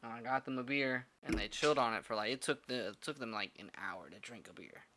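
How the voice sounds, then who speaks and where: Profane young bartender telling stories. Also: male voice, mid-range voice, a little fast, pushed and bright, slight background noise. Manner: profane, rambling with many "like" fillers. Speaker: podcast co-host, bartender. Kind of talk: casual storytelling chat.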